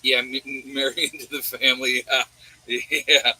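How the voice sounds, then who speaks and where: A man's voice: medium pitch, little pitch movement, moderate pace, sharp tone, husky, poor audio. A man with a New York accent hosting a livestream and answering viewer chat in a rambling way, often asking his audience rhetorical questions. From New York State.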